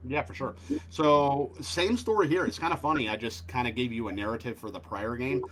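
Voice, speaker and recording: A man's voice: mid-range voice, fairly quick, a bit bright, a little hiss or hum, low-quality recording. A man hosting a sports betting show, talking casually and animatedly with many fillers.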